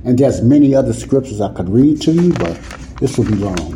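A man's voice: medium pitch, expressive, a little fast, background noise. A man teaching the Bible in an emphatic, conversational preaching style, often checking that listeners follow. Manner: repeats "you see what I'm saying?" to listeners.

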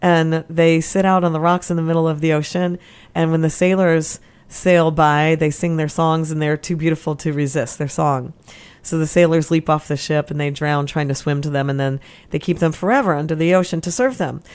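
A woman counselor talking as a guest in an interview, energetic and chatty, with many asides and restarts. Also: low-pitched, normal speed, clear, resonant tone. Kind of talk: casual interview chat.

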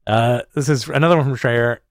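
A man reads viewer questions on a live stream in a relaxed, wry way. His voice sits at a middle pitch, recorded close and dry. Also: fairly quick, dry recording. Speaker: co-host reading viewer questions. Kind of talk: casual live-stream chat.

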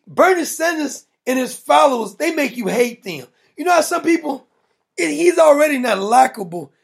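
A man's voice: very high-pitched, gravelly, breathy edge. A man hosting a political commentary show, mocking and blunt, laughing at his own jokes. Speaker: show host.

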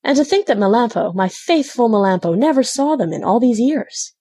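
A woman voicing a jovial grown-man farmer in a storybook reading, speaking with hearty warmth. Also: on the high side, expressive, a little fast, voice pushed up. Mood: pleased. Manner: jovial, pleased.

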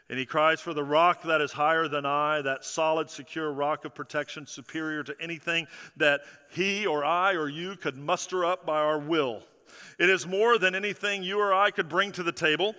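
A man preaching a sermon as pastor, emphatic and full of repeated phrases, often dropping soft and low for effect. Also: fairly even intonation, normal speed, clear, resonant tone. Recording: long reverb of a large hall.

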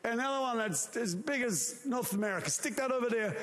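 A preacher playing a booming, commanding God. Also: male voice, fairly quick, big-room sound. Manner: shouting, excited orders.

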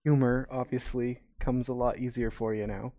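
A man's voice: mid-range voice, level tone, normal speed, dark tone, no room sound. A man co-hosting a podcast and talking as a parent in casual chat, laughing often and restarting his sentences as he goes.

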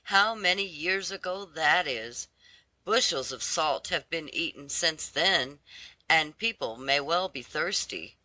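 A reader voicing a lame, gossipy old woman who chatters with pity and indignation in a storybook reading; the voice sits higher than the narration. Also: animated, takes it slowly, bright, forceful tone, no echo, full character voice. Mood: gossiping. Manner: sympathetic, scolding chatter.

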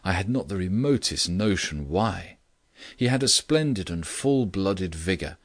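A man reading a classic story aloud in measured, scripted narration. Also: deep voice, expressive, no echo. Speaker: audiobook reader.

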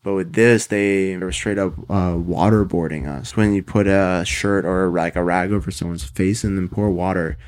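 A man's voice: sits low, fairly even intonation, moderate pace, few pauses, a little mellow. A young man recounting a personal story casually, rambling with many fillers and swearing. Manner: rambling, frequent "like" fillers, profane. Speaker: interviewee.

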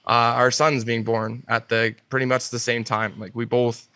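Guy talking earnest and slow-ish, lots of uhs, bright voice, pretty flat tone, dry sound. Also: mid-range voice, no echo. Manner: earnest, reflective, halting with fillers. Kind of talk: casual chat.

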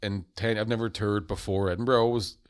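A man's voice: lowish voice, steady tone, fast talker, smooth. A man with a Northern Irish accent, co-hosting a casual podcast as a comedian, swearing freely and laughing often. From Northern Ireland. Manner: swears freely, laughs, slips into movie-line impressions.

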